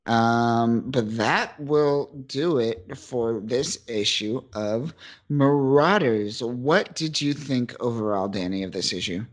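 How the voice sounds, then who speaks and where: A man's voice: medium pitch, slow. A man hosting a podcast, chatting enthusiastically about comics, with many ums and uhs. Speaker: podcast host. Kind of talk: casual comic book review chat.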